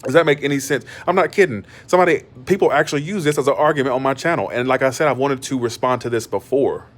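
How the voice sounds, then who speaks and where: A man's voice: mid-range voice, quick pace. A man hosting a tarot channel, ranting bluntly in casual livestream talk and repeating himself for emphasis.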